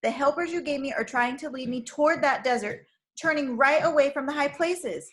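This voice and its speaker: A timid, frightened young woman, put on by a woman reading a storybook aloud, her voice climbing high as she pleads and cries out. The voice sits well above the reader's own, thin with fear. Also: brisk, fairly bright tone. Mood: pleading.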